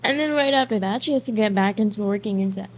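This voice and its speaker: A woman's voice: mid-range voice, fast talker, faint music behind. A woman hosting a casual movie reaction, blunt and snarky, swearing freely.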